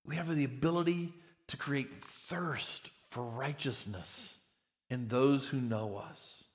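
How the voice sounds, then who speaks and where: A man's voice: mid-range voice, takes it slowly. A man preaching a sermon, conversational and repetitive, often checking in with "right?". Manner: conversational, repeats words, frequent "right?". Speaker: pastor.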